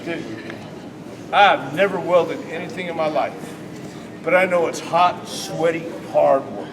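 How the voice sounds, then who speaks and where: High-voiced guy coaching wrestlers, cussing, mutters then yells, long hall reverb. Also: measured pace, noisy background. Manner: blunt, profane, swings between low mutters and shouts. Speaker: wrestling trainer. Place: large indoor wrestling venue. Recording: distant mic in a reverberant hall with a crowd.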